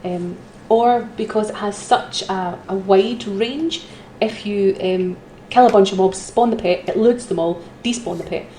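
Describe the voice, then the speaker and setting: A woman's voice: mid-range voice, measured pace, hardly any pauses, dark tone. A woman hosting a live auction, chatty and giggly with frequent ums. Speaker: auction host. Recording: roomy echo with faint noise.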